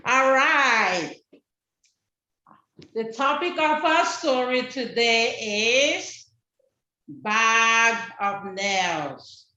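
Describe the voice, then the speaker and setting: High-voiced woman telling a kids' story. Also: extremely slow, long pauses, reverberant. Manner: animated, expressive, asks kids questions. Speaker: children's storyteller at church. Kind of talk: children's story on a video call. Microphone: video call.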